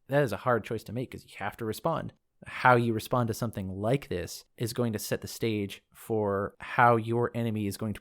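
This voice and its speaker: A man hosting a lore podcast, reading from a book and wandering into casual asides as he thinks aloud. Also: fairly low pitch. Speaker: podcast host discussing game lore.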